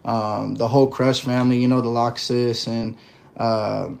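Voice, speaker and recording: A man guesting on a podcast, telling his story in a relaxed way with lots of fillers. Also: mid-range voice, moderate pace, vocal fry. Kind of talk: casual interview chat.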